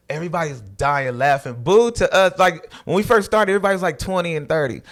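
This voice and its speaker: A man's voice: fairly high pitch, fairly quick, fairly bright tone. A man, a comedian guest, telling a story in loose slangy talk, swearing and laughing as he goes. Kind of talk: animated storytelling with quoted voices.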